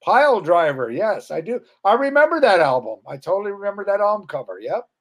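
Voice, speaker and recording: A man's voice: sits high, sing-song, fairly quick. A middle-aged man and former metal guitarist, telling rambling, profane party stories in casual chat and acting out the people he quotes.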